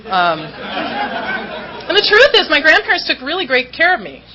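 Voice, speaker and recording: A woman's voice: sits high, huge pitch swings, unhurried, muffled recording, crowd noise. A woman from Southern California candidly telling her recovery story at a meeting, self-mocking and acting out what people said.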